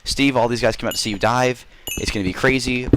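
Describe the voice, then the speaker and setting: A man voicing a rich, gushing male cruise ship owner who swears in his excitement, heard over noisy voice chat. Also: mid-range voice, fast talker, lightly acted.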